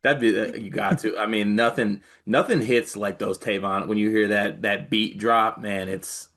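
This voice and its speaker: A man's voice: fairly low pitch, steady tone, moderate pace, fairly bright tone. A man from Michigan hosting a sports podcast in joking, laid-back banter. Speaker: podcast host. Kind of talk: casual sports podcast chat.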